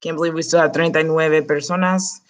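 A woman's voice: deep voice, fairly even intonation, quick pace. A woman teaching Spanish grammar in an online class, explaining it step by step in a casual way.

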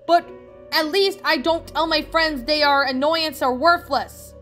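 A woman's voice: sits high, moderate pace, a bit bright, faint music behind, voice pushed up. A woman voicing an upset young male puppy in a fan fiction reading, with a raised, emotional delivery. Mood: angry.

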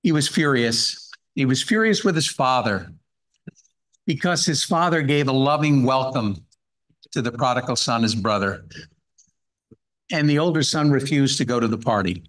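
A man's voice: mid-range voice, lively intonation, normal speed, long pauses, a bit bright, low-quality recording. A man giving a Bible-hour sermon, earnestly reading scripture and explaining it verse by verse. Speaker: guest speaker at a Bible hour.

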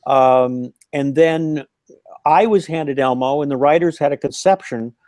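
An older man tells anecdotes with a lively, storytelling manner. His voice sits fairly high for a man. The sound is dry and close, with no room around it. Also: a little slow, no room sound. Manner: animated anecdotal storytelling with laughs. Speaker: puppeteer guest. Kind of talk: casual interview storytelling. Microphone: remote call line.

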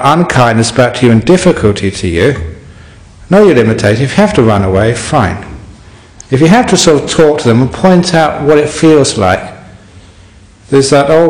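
A man, a Buddhist monk, giving a humorous dharma talk and telling an anecdote in answer to a question. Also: mid-range voice. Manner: storytelling, humorous, lively. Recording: echoey hall recording.

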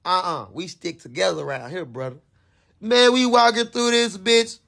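A man, telling a profane, animated story to camera and acting out his own screams and quotes. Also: sits high, moderate pace, vocal fry. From Fort Worth, Texas. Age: 20s. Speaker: vlogger.

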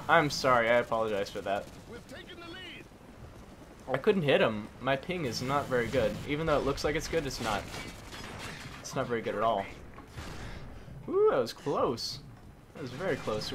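Animated man over loud game gunfire. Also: medium pitch, moderate pace, long pauses, background noise. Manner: swaps swears for mild words, talks to himself. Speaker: gaming commentator. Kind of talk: live gameplay commentary. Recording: gunfire game audio behind the voice.

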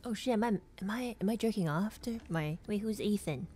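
A woman's voice: medium pitch, animated, brisk, warm tone, husky. A young woman streaming a horror game, jumpy and playful, swearing, joking, screaming and laughing as she plays. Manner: playful, jokes about the story. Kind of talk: horror game let's play commentary.

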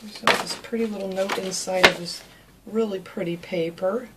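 A woman's voice: mid-range voice, fairly even intonation, moderate pace, very noisy. Chatty woman gushing over fan mail. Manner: gushing and chatty, thanking viewers by name. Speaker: craft channel host. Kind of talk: casual chat, opening mail. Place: home craft room.

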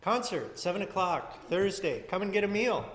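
A man's voice: high-pitched, big pitch swings, normal speed, a bit bright, a little hiss or hum. A man giving church announcements from the front as pastor, chatty and rambling, with many fillers and restarts. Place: church sanctuary. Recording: echoey hall from far off.

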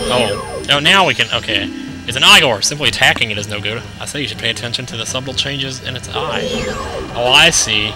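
A young man casually commentating a video game, excitable and jokey, thinking aloud as he plays. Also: medium pitch, normal speed, rough recording. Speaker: let's play commentator. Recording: game music playing behind voice.

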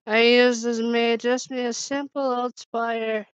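A woman reading a fan story aloud in a halting way, with slips and restarts. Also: fairly high pitch, level tone, clean tone, dry recording, dull audio. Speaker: fan fiction reader.

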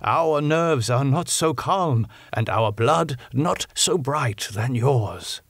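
A man's voice: mid-range voice, lively intonation, a bit bright, slightly rough, no room sound, studio quality, pitched above the performer's own voice, full character voice. A man doing a grave old professor. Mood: earnest. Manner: earnest, urgent, slow emphatic phrasing. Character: elderly Dutch professor, grave, kindly. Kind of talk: audiobook character voice.

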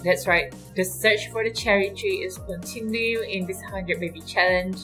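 A woman of average pitch hosts her gaming channel in a casual let's-play style. She is chatty and excitable, laughing often and coaxing the characters on screen. Faint music plays behind her voice. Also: moderate pace, rough recording. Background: faint background music.

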